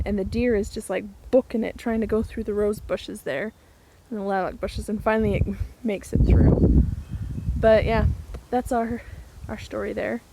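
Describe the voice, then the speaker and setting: A woman's voice: mid-range voice, background noise. A woman vlogger casually telling a funny story to the camera, outdoors in her garden, chatty and laughing as she goes.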